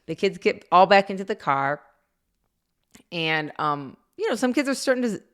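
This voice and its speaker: A woman co-hosting a parenting podcast tells a family story in a relaxed, chatty way. She laughs often and slips into acting out the voices of the people in it. Her voice sits at a middling pitch. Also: normal speed.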